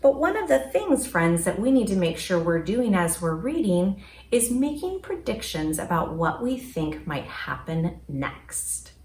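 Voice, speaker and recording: Animated kindergarten teacher, woman. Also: mid-range voice, unhurried, distant mic. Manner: animated, encouraging, talks to children. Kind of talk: read-aloud reading lesson. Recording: roomy echo with faint hum.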